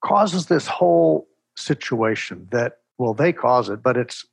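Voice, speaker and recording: An older man from Texas, an interview guest telling stories in a measured, reflective way, with a husky voice. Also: medium pitch, dry recording. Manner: measured, reflective, animated storyteller. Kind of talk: storytelling in conversation.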